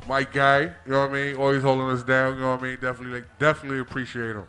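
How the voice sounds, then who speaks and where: A man's voice: medium pitch, level tone, very fast, pushed and bright, clean tone. A man co-hosting a live podcast, laid-back and given to "you know what I mean" tags. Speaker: podcast co-host. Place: small live venue.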